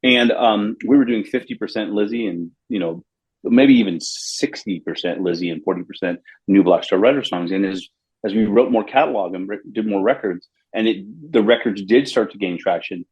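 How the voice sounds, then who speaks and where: Middle-aged man from Los Angeles, husky voice, rambling anecdotes with lively acted quotes, casual interview guest. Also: lowish voice, normal speed, highs cut off. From Los Angeles, USA. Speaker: bass player, guest.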